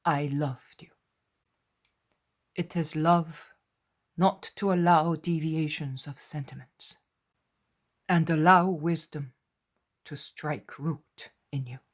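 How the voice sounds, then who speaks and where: A gentle but firm spiritual teacher speaks with fatherly tenderness and quiet authority, as a woman reader puts him on. The voice sits low and unhurried. A husky breathiness colors every word. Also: steady tone. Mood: tender.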